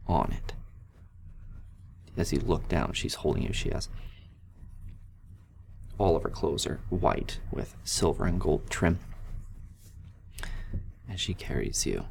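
A man narrating as game master of a tabletop role-playing game, in a slow, hushed storytelling manner. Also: low-pitched, very animated, vocal fry, slight background noise.

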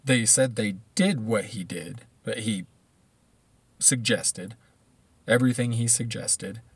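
A man's voice: lowish voice, takes it slowly, breathy edge, no room sound. A man giving blunt, profane, rambling commentary, often restarting his sentences.

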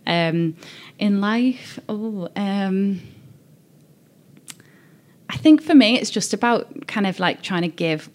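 A woman's voice: mid-range voice, expressive, slow pace. A woman with a Scouse accent, talking casually as a guest in an interview and recalling her career with plenty of fillers. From Liverpool, England. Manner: chatty, warm-hearted storytelling with many fillers. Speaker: interview guest, agency director.

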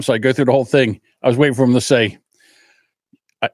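A man's voice: medium pitch, a little fast, pauses often, dry recording, studio quality. A man hosting a podcast, telling a casual story, acting out the voices in it and swearing freely. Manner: animated, acts out voices in his anecdotes; swears freely, self-deprecating about his temper. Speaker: podcast host.

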